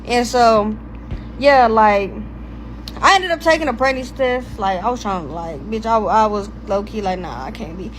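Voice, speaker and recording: A woman's voice: a little high, moderate pace, slight background noise, poor audio. A young woman telling a rambling personal story in casual storytime style, swearing freely and stopping to find her place. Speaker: storytime vlogger.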